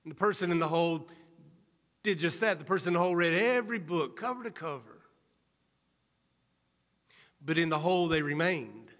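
A male preacher giving an earnest sermon, telling a story in a measured, storytelling manner. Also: on the high side, expressive, fairly bright tone. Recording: reverberant hall.

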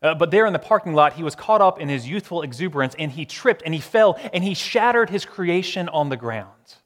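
A man preaching a sermon, moving between raised emphatic lines and hushed, slow repetitions. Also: on the high side, expressive, in a large hall.

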